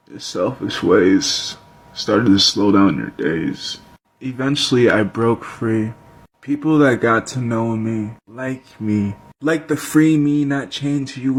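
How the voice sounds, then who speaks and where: A man's voice: medium pitch, a little hiss or hum. A man reciting bitter, reflective spoken word poetry.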